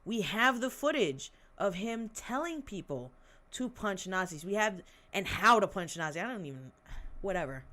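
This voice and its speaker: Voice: medium pitch, very animated, moderate pace, bright, forceful tone. A podcast host giving casual, sarcastic commentary on news articles, reading passages aloud and breaking off with mocking, profane asides. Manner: sarcastic, mocking, swears often.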